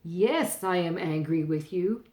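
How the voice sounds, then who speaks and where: A woman reading a storybook, voicing a stern, angry old king who yells in rage. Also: fairly low pitch, animated, a little slow, reverberant. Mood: sulking.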